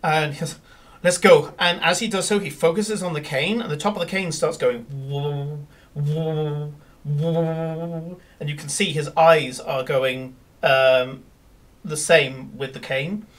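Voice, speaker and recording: A man's voice: on the high side, normal speed, fairly bright tone, distant mic. A man running a tabletop game as game master, narrating scenes with many fillers and restarts.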